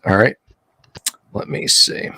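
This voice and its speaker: A man's voice: slow pace, bright, forceful tone, no echo, studio quality. A man running a tabletop game as game master on a livestream, joking with his players as he narrates the fight. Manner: jokey, tosses in metal references.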